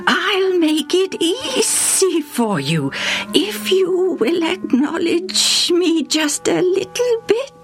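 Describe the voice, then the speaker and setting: A woman's voice: very high voice, big pitch swings, slow, faint music behind, pitched above the performer's own voice, exaggerated voice. A woman putting on a sly whispering Satan. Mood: coaxing. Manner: soft coaxing whisper. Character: Satan, sly tempter, male.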